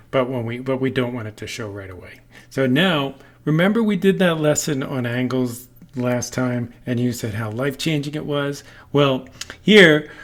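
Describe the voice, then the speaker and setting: A man walks through a beginner programming lesson in a medium-pitched voice. He keeps it playful, drifting into silly tangents and jokes. When he acts out an example, he bursts into loud shouts. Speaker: coding teacher. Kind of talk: screen-recorded programming tutorial.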